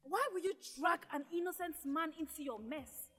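A woman's voice: high-pitched, normal speed, a bit bright, big-room sound, soft background music. An actress playing an angry young woman who accuses sharply. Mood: accusing.

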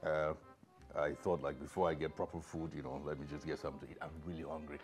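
A man, acting an awkward, hungry new flatmate who stammers and pleads. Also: extremely low pitch, quick pace, faint music behind. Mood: pleading. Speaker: new flatmate in a comedy skit. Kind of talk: comedy skit acting.

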